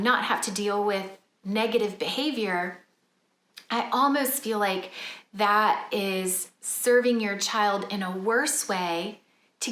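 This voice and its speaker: Earnest, measured woman, mid-pitched, casual mom chat; roomy kitchen echo. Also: a bit bright. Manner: earnest and measured, explaining her parenting rules. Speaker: mother and family vlogger. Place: home kitchen table.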